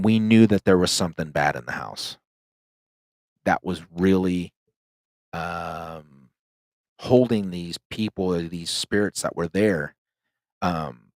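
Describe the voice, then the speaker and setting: A man's voice: low-pitched, no room sound. A man hosting a paranormal podcast, telling a ghost story in a loose, rambling way full of "like" and "um,". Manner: loose and rambling, heavy use of "like" and "um". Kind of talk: casual storytelling.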